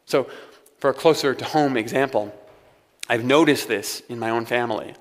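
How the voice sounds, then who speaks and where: Chatty preacher with a light humor. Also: male voice, medium pitch, moderate pace. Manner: conversational, with wry humorous asides. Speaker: pastor. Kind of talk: sermon. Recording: long hall reverb.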